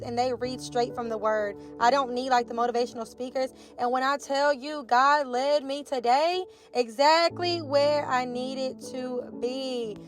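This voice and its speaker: A young woman vlogging in a chatty, emotional way, talking straight to her viewers. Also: sits high. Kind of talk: casual chat. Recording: music playing behind.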